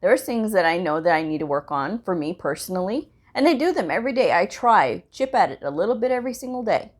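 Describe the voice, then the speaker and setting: A woman's voice: fairly low pitch, expressive, quick pace. A woman hosting a medical coding channel, giving blunt career advice in a casual vlog with frequent laughs. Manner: blunt, direct, laughs often.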